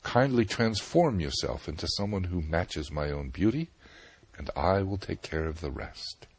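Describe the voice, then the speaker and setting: A man voicing a cunning young enchantress who teases and then commands an old sage, in a slightly raised, husky voice. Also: sits low, animated, a little slow, dry recording, heavily acted. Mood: commanding.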